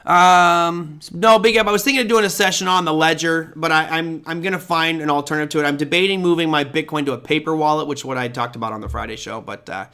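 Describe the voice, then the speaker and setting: A man's voice: on the high side, quick pace, hardly any pauses, sharp tone, clean tone. A man hosting a live trading show, chatting casually as he answers viewer questions off the cuff.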